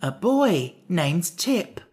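A man's voice: high voice, big pitch swings, extremely slow, a little mellow, husky, pitched above the performer's own voice, full character voice. A man voicing a simple, earnest wooden man with a pumpkin head, eager to please, in a storybook audiobook. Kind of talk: audiobook character voice.

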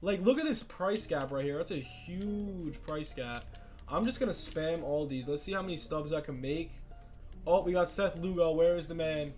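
A young man giving excited gameplay commentary as a channel host, talking straight to his fans and shouting at times. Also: on the high side. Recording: faint music bed behind.

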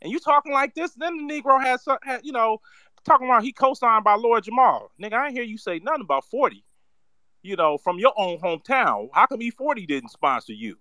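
A man's voice: very high-pitched, sing-song, a little fast, bright, forceful tone, dry recording. A man giving a profane, ranting commentary, heated and mocking, heavy on slang and cursing. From San Francisco Bay Area. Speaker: political commentator.

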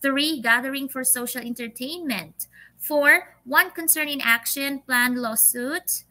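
A woman's voice: high voice, a little slow, bright, forceful tone, low-quality recording. A Filipino woman teacher leading an online English lesson, reading quiz questions patiently and drawing her words out, with Tagalog fillers. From Philippines.

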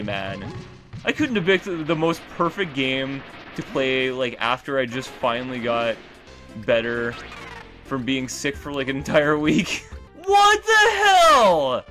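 A young man casually commenting on his gameplay, excitable and swearing often. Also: medium pitch, unhurried, over music. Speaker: gaming YouTuber.

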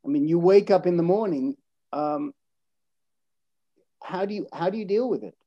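A man hosting a video call interview, speaking haltingly with stuttered repeats. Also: high-pitched, lively intonation, no room sound, lo-fi sound. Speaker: host.

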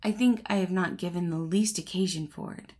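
A woman's voice: fairly low pitch, fairly quick, mellow, close to an everyday voice. A woman voicing a bashful, modest young female garter in a storybook, refusing in a prim, haughty way.

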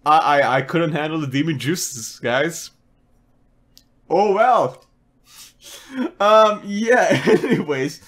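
A man's voice: fairly high pitch, slow, long pauses, fairly bright tone. A young man commentating a video game playthrough in a goofy, jokey way, swearing and laughing. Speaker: gaming video host. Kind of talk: let's play commentary.

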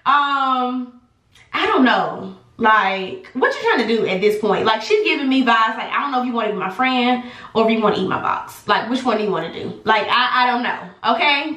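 A young adult woman telling an animated, sassy storytime to her viewers in a casual vlog. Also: a little high. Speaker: vlogger. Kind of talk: casual storytime chat to camera. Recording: echoey room.

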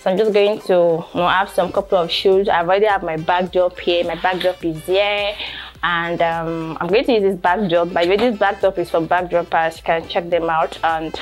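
A woman's voice: lowish voice, steady tone, moderate pace, faint music behind. A young Nigerian woman talking to camera in a casual vlog, chatty, repeating herself and filling with "you know". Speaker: vlogger and photographer.

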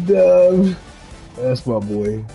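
A man's voice: high voice, very animated, extremely slow, highs cut off, faint music behind. A man hosting a game livestream, joking with his co-host and chat, laughing often and slipping into a mock English accent. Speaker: streamer hosting a game stream. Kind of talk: casual banter with co-host and chat.

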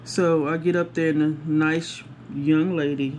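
A woman's voice: little pitch movement, a little slow, a little mellow. Woman crafting and telling a story, chatty, talks right to the viewers, little hum in the background. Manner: acts out other people's voices with big pitch jumps. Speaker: craft vlogger. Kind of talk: casual storytelling while crafting.

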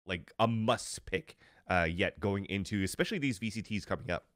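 A man's voice: on the low side, normal speed, fairly bright tone, no room sound, clean studio sound. A man explaining gameplay as a guest on a casual gaming show, with frequent restarts. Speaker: guest player analyst.

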